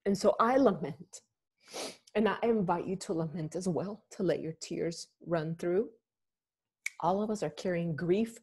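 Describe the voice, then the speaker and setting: A woman pastor speaks with slow, grave deliberation as she leads a lament. Her voice sits fairly low, with a dark, mellow tone and a husky, breathy edge. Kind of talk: slow reflective spoken sermon and prayer.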